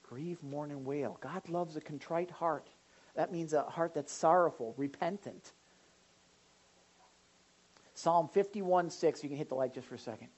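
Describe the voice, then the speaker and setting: A woman pastor preaching a sermon in an animated way, now and then acting out the voices of people in the pews. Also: low voice, unhurried, pauses often, breathy edge, muffled recording. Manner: animated, acts out congregants' voices.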